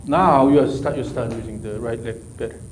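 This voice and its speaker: Against a noisy background, a man of medium pitch coaches a golf student at practice, speaking a little fast. Korean is his first language, and his short, repeated instructions use non-native phrasing.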